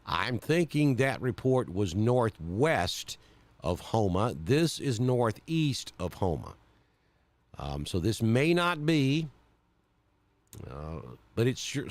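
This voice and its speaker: A man's voice: fairly low pitch, no room sound. A man from central Alabama with a Southern accent, giving live storm coverage as a weather broadcaster and thinking aloud with many fillers.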